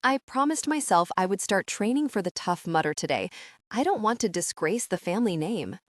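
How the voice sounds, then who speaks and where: A woman reading the part of a nervous, quick-witted young woman who works as a party clown. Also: mid-range voice, big pitch swings, no echo, clean studio sound, natural voice. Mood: flustered.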